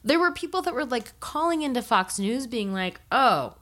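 A woman's voice: high voice, expressive, brisk. A woman in heated, profane political chat, slipping into mocking impressions of angry men.

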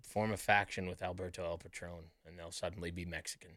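Man, lowish voice, wry casual chat, trails off quietly, dry sound. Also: little pitch movement, quick pace, no room sound.

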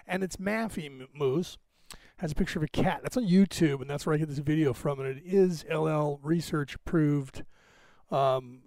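A man's voice: on the high side, gravelly, dark tone, no echo. A man hosting a podcast, talking in a digressive, self-assured casual monologue full of asides and tangents. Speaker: podcast host.

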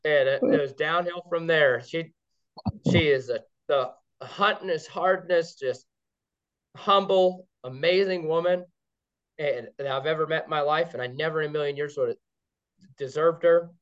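A man, a guest on a podcast, telling stories in an excited, rambling way with many restarts. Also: on the high side, moderate pace. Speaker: guest, game caller. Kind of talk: casual podcast chat. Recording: dull lo-fi sound.

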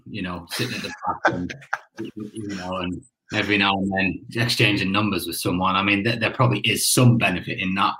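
Low voice guy but bright and punchy, rambly, repeats himself. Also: poor audio. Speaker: guest. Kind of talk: casual live chat.

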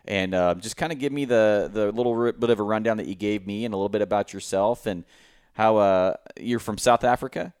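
A man hosting a podcast, rambling and halting with many restarts. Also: fairly low pitch, darkish tone, clean tone, no echo. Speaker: podcast host. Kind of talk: casual podcast conversation.

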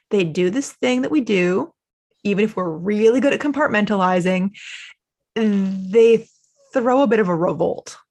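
A woman guest on a podcast with a slightly husky voice. She works through her ideas thoughtfully and in a measured way, softening them with "sort of" and "kind of". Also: medium pitch. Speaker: clinical psychologist guest. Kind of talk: explanatory interview answers.

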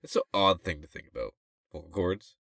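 A man's voice: low voice, lively intonation, brisk, vocal fry, sharp tone, no echo, studio quality. A man co-hosting a casual podcast, musing aloud in loose, rambling sentences that sometimes trail off. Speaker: podcast co-host.

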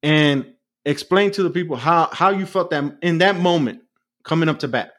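A man's voice: a little high, moderate pace, a bit bright. A man hosting an interview, asking questions with vivid scene-setting. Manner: builds questions with vivid setups. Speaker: interview host.

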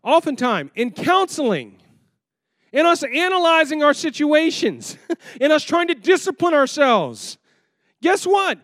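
A man with a high-pitched voice preaches a sermon, throwing question after question at his listeners. He jumps from loud, emphatic lines to low, hushed asides. The sound is close and dry, with no room echo. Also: big pitch swings, a little slow. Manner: preaches with rhetorical questions put to the congregation. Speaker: pastor.

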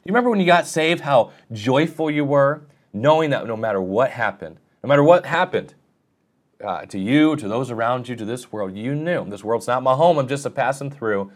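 A man preaching in an earnest, plain way, with a voice of middle pitch. He slips in self-deprecating asides and often lifts his voice to stress a point. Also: expressive, moderate pace. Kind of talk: sermon.

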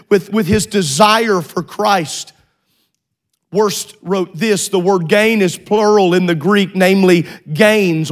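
A man preaching a fervent sermon in a church, stammering through restarts and rising to shouts. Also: sits high.

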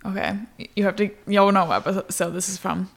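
A woman's voice: mid-range voice, steady tone, brisk, vocal fry, noisy background. A woman in her twenties co-hosting a casual podcast, tossing in playful quips. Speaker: podcast co-host. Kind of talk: casual chat.

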